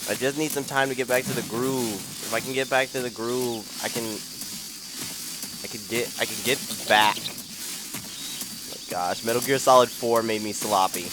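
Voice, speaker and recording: A man's voice: mid-range voice, moderate pace, background noise. A young man casually commenting while he plays a video game, exclaiming and reacting to what happens on screen. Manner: excitable, exclaims and laughs at the game. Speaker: gaming channel host. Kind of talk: casual let's-play commentary.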